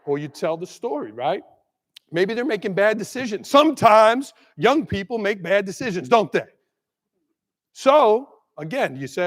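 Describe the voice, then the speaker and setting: A middle-aged man giving an animated keynote talk, telling jokes and stories and asking the audience questions. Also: high voice, normal speed. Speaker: keynote speaker. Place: large conference hall. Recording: long hall reverb.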